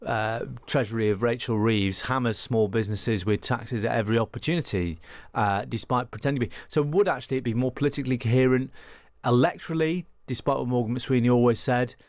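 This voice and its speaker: A man from northwest England speaks as a guest on a radio discussion show. He talks quickly and with animation, stumbling into restarts and repeated words, his mid-range voice close and dry on a studio microphone. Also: medium pitch, no room sound. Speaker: political journalist, studio guest.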